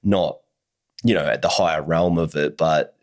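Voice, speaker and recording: A man's voice: very deep voice, moderate pace. A man hosting a podcast, asking long, hesitant and rambling questions in casual conversation. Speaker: podcast host.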